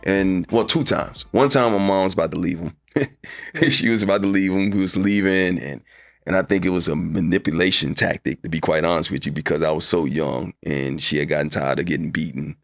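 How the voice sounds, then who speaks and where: A man's voice: low voice, a little fast, fairly bright tone. A man being interviewed as a guest, speaking candidly and conversationally and acting out people's voices as he tells his stories. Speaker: guest, sportscaster. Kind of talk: casual interview storytelling.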